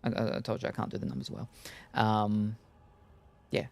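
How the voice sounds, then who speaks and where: A man's voice: lowish voice, level tone, normal speed, creaky, darkish tone. A man streaming a video game, chatting casually and rambling, with many fillers and restarts. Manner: meandering, full of fillers and restarts. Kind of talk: rambling casual chat while gaming.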